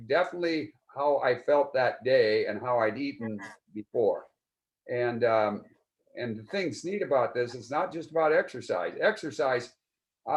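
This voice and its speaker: A man's voice: medium pitch, highs cut off. A man in his seventies giving a client testimonial in a casual interview, earnest and rambling, often restarting his sentences. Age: 70s. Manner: earnest, rambling, with many repeated starts.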